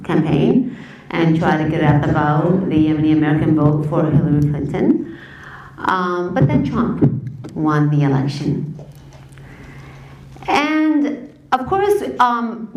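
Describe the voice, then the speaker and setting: A woman's voice: fairly low pitch, darkish tone, slight background noise. Woman, activist storyteller, heartfelt and conversational; distant mic, echoey room. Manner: impassioned, conversational, emotional. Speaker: community activist and organizer. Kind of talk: personal storytelling talk to an audience.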